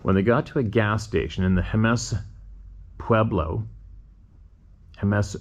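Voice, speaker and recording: A man with a deep, low voice hosts a show and reads listener emails aloud. He stops now and then to muse in a relaxed, conversational way. His asides are full of rhetorical questions. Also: unhurried, muffled recording. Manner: conversational, musing rhetorical questions between readings. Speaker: host reading listener emails. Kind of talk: reading listener emails aloud with casual commentary.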